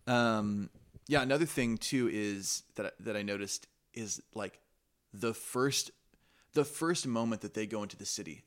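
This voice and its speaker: Excitable low-voiced man in podcast chat. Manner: animated, excitable, jokey. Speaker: podcast co-host. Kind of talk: casual review chat.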